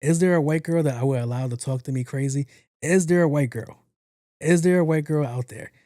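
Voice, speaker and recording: A man riffs through casual podcast commentary, full of swearing, jokes and repeated words. His voice is mellow and warm. The sound is dry and close. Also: on the high side, a little fast, dry recording. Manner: profane, joking, repeats himself. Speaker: podcast host.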